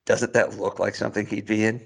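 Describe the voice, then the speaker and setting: Man, gravelly voice, casual podcast chat, halting, restarts phrases, chuckles. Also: on the low side, flat delivery. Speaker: podcast co-host.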